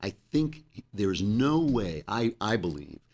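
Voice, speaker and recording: A man's voice: fairly low pitch, sing-song, slow, creaky, darkish tone. A man hosting a political commentary monologue, sarcastic, reading news quotes aloud with asides. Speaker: host.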